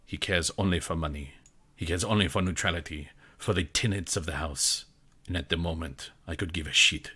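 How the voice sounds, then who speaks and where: A man voicing a determined female warrior with clipped, defiant speech. The voice stays low and bright. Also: a little fast, breathy edge, heavily acted. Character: angry, determined female warrior seeking vengeance.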